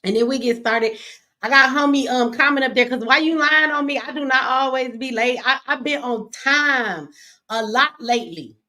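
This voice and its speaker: A brash woman hosts a casual livestream from her home studio, her voice sitting a little high. She jokes, teases and swears freely as she talks straight to her audience. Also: moderate pace, bright, forceful tone. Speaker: livestream host.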